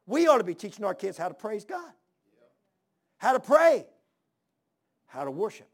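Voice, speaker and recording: Middle-aged preacher guy, high raspy voice, hits every question hard. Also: very animated, normal speed. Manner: emphatic storytelling, rhetorical questions. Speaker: pastor. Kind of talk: sermon.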